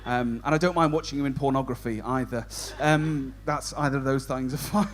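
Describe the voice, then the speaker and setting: A man's voice: mid-range voice, fairly even intonation, a little fast, slight background noise. A man compering a stand-up comedy show, doing cheeky banter with the audience. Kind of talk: crowd work stand-up.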